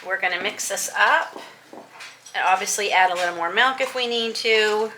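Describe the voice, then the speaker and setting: A middle-aged woman chatting through a home baking vlog in her kitchen, homey and quick to laugh. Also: medium pitch, noisy background. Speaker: homesteading vlogger.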